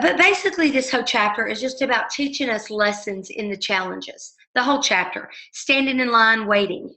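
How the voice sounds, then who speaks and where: A woman leading a book study group, telling stories in a casual way and reading out passages, with lively shifts into quoted voices. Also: fairly high pitch, poor audio. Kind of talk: casual storytelling and book discussion.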